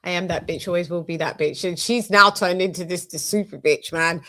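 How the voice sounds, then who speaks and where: A woman's voice: on the low side, fairly quick, heavy background noise. Young uk woman hosting a boxing stream, loose and jokey, curses a lot. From United Kingdom. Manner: loose, jokey, swearing, drifting between topics. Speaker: boxing show host. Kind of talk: casual live-stream chat.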